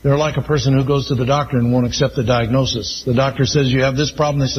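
Pastor, male, emphatic sermon delivery, mid-pitched voice, dull lo-fi recording with faint hiss. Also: little pitch movement. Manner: slow, emphatic preaching with Scripture read aloud.

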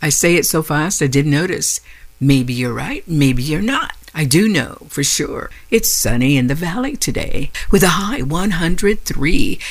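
Chatty female radio DJ. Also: low-pitched. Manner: conversational, self-questioning. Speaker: radio host. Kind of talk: casual radio chat and announcements. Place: radio studio.

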